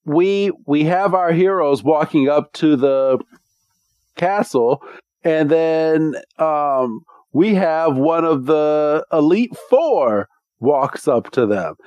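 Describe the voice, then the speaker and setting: A male podcast co-host recapping a cartoon episode at an unhurried pace, filling gaps with ums and acting out lines as he goes. His voice is mid-pitched and sounds close and completely dry. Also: animated, darkish tone, no echo. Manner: rambling, with many ums and acted quotes.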